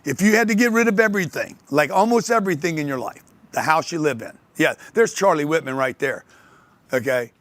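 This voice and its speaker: An older man giving a motivational talk on sales to an audience, telling lively stories and acting out the voices of other people. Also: on the high side, fairly quick, no room sound. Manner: animated storytelling, acts out others' voices. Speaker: speaker on sales and wealth.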